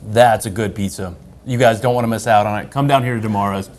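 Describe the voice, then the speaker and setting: A man's voice: lowish voice, steady tone, fast talker. A man hosting a casual on-location interview in a restaurant, upbeat and promotional. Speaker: host. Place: restaurant, indoors.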